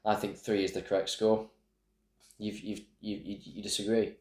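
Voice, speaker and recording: A man's voice: lowish voice, level tone, normal speed, a little mellow. A man co-hosting a casual wrestling chat, blunt and wry, often poking fun at himself. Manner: blunt, wry, self-deprecating. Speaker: podcast co-host. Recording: echoey room.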